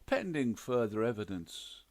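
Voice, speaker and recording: A man voicing a deadpan, precise male detective with wry phrasing. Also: lowish voice, unhurried. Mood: probing.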